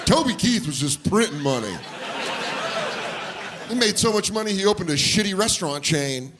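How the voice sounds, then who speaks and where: A middle-aged man doing a stand-up comedy routine, loud and animated, breaking into shouted put-on voices. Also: high voice, normal speed. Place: comedy club stage before a laughing audience. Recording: live club recording with crowd noise.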